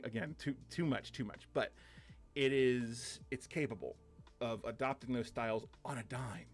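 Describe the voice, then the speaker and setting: A man gives a relaxed lecture, talking in a casual, conversational way and filling it with asides and small fillers. His voice sits in an ordinary middle pitch. He sounds like an instructor explaining things to a class, not reading from a script. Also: a little slow, soft background music. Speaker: course instructor. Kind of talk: casual lecture over slides.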